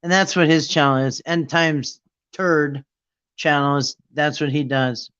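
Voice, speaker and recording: A man's voice: a little high, steady tone, unhurried, a bit bright, clean tone, lo-fi sound. A man hosting a casual live stream, talking in an indignant, mocking way and rambling with restarts. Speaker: livestream host.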